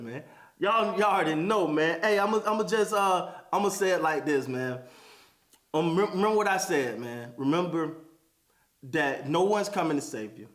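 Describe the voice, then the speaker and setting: A man's voice: on the high side, moderate pace, a bit bright. A man hosting a podcast, giving an emphatic motivational monologue and repeating phrases for emphasis. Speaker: podcast host. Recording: echoey room.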